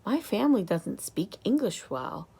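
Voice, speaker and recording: A woman voicing a shy young schoolgirl who speaks softly. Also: mid-range voice, very animated, unhurried, creaky, slightly rough, heavily acted. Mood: gentle. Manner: soft, hushed.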